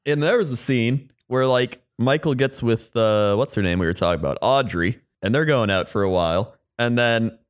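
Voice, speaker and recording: A man's voice: medium pitch, normal speed, hardly any pauses, clear, resonant tone. A man co-hosting a casual chat, laid-back and chuckling, often answering with short agreements.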